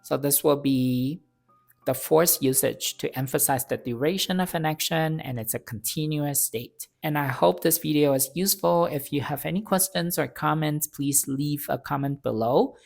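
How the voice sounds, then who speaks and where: A man teaching a language grammar lesson, repeating each example phrase slowly and then explaining it plainly. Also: a little high, creaky, a little mellow, soft background music. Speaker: Chinese teacher. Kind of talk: slow, deliberate grammar lesson.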